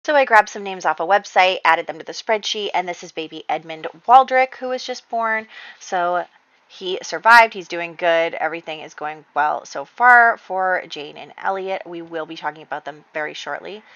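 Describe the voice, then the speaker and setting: A woman's voice: lowish voice, animated, moderate pace, a bit bright, dry recording, highs cut off. A woman narrating a life-sim game in a chatty, casual storytelling way, full of fillers. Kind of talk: casual let's-play storytelling.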